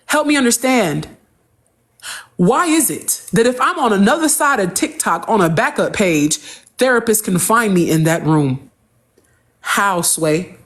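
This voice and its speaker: High-voiced woman ranting on a livestream. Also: a bit bright. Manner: confrontational, repeats rhetorical questions. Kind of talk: heated livestream rant.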